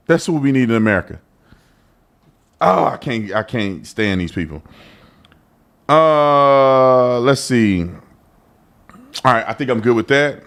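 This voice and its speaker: A man hosting a live news commentary show, animated and joking, talking straight to his viewers. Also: medium pitch.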